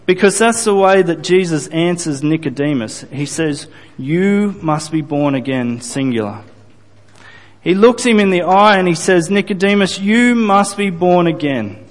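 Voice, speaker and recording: Slow, earnest male preacher in a hall. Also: high-pitched. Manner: earnest, deliberate preaching with repeated phrases and restarts. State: briefly choked up. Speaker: pastor. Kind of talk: sermon.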